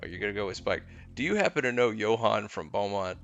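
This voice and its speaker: A Texan man hosts a call-in show with an easygoing, joking manner. His voice sits low and has a gravelly fry to it. Soft music runs faintly underneath. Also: animated, fast talker, highs cut off. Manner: laid-back, joking, chummy with callers. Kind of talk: casual call-in chat.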